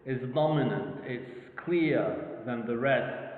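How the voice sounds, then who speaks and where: A man giving a slow, repetitive phonetics lecture, checking in with "okay?", speaking English as a non-native speaker. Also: fairly high pitch, expressive. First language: Arabic. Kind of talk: university lecture. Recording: tinny, echoey hall recording.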